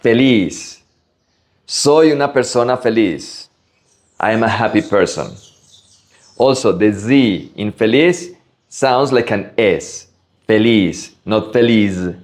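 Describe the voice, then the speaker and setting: Slow, lively male Spanish teacher. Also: medium pitch. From Latin America. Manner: slow, careful pronunciation drills. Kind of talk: vocabulary lesson.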